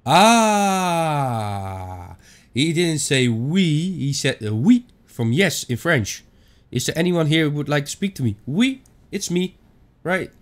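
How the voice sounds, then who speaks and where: A man giving chatty let's-play commentary on a ghost hunting game, thinking out loud with some non-native phrasing. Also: a little high, sing-song, slow. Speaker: gaming YouTuber.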